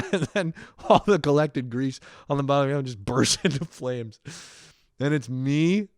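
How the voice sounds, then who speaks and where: A man's voice: mid-range voice, darkish tone, no room sound, clean studio sound. A young man in his twenties, a podcast host telling a rambling story and ranting with constant swearing and laughter. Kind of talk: profane comedic rant.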